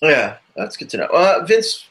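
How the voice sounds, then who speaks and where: A man's voice: fairly high pitch, sing-song, measured pace, vocal fry, fairly bright tone. A man co-hosting a podcast in casual chat, rambling and loose, full of asides. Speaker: podcast co-host.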